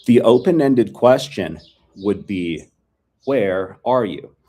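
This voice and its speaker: A man with a fairly low voice teaches a filmed language lesson. He talks in a relaxed, chatty way and repeats short phrases so learners can drill them. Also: takes it slowly.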